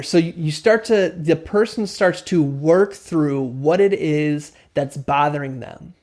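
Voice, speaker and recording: A man with a slightly raised pitch talks through negotiation advice as host of his own show. He breaks into quick acted exchanges, voicing both sides of a conversation to show how it sounds. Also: darkish tone. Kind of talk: explaining negotiation tips to camera.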